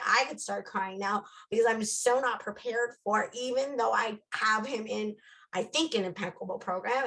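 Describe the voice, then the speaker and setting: A woman's voice: a little high, fairly bright tone, low-quality recording. A woman co-hosting a parenting podcast, telling a candid personal story in casual chat and acting out bits of dialogue.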